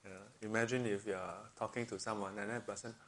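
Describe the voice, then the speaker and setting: A man with a partly blocked nose leads a weekly group as its teacher, chatting casually, laughing often, and using local English phrasing in a room with an audience. His voice is fairly low and steady in tone, fairly quick, with background noise.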